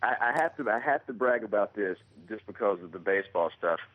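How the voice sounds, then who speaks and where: A man in his thirties from Alabama, a guest calling in by phone, telling stories in polite, quick bursts and laughing easily. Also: on the low side, expressive. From Birmingham, Alabama. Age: 30s. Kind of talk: casual chat. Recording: dry, muffled phone line.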